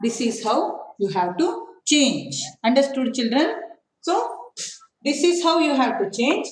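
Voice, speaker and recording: A woman teacher with a Kannada accent giving a grammar lesson, speaking slowly and repeating words one at a time with checking "huh?" and "okay?". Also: high voice, big pitch swings. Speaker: school English teacher. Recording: echoey room, voice from far off, faint noise.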